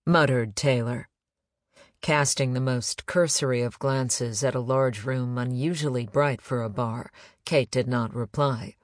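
A man reading a crime novel aloud in measured, even narration. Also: medium pitch, no room sound, clean studio sound. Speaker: audiobook narrator.

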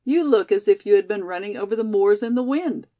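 A woman voicing an impetuous, warm-hearted young college girl who speaks eagerly and emotionally, in a higher, louder voice than her narration. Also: expressive, brisk, natural voice.

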